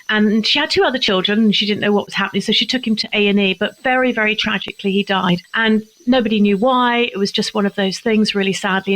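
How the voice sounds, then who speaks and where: A woman's voice: medium pitch, a bit bright, rough recording. An older woman from England, a charity founder, answering interview questions in an earnest, heartfelt way, close to tears at times.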